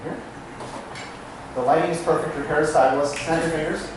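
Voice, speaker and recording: Bantering with volunteers, this magician pokes fun at himself and chats in asides on a small stage with an audience present. His fairly high, steady voice runs a little fast, and the recording is distant and echoey, with background noise.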